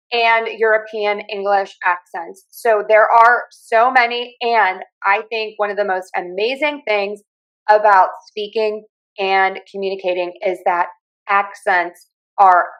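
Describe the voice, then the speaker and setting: A woman from Western Pennsylvania with a softened Pittsburgh accent, hosting a podcast and talking alone in a clear, measured, instructive way. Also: medium pitch, muffled recording. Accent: Pittsburgh, softened by years in other US regions. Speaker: podcast host and communication coach. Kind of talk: solo podcast talk.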